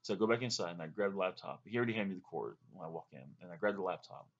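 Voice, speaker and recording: A man's voice: low-pitched, rapid-fire, highs cut off. A man telling a long, rambling story to camera in a casual way, with fillers and restarts. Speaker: vlogger recounting a dream.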